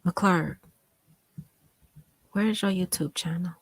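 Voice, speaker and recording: A woman hosting a casual live stream, reading viewer comments aloud and speaking with emphatic, impassioned repetition, sometimes sinking to a hushed near-whisper. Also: lowish voice, takes it slowly, breathy edge, no echo. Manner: impassioned and emphatic, repeats phrases for stress; drops to a hushed near-whisper when moved. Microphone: home desktop setup with monitor.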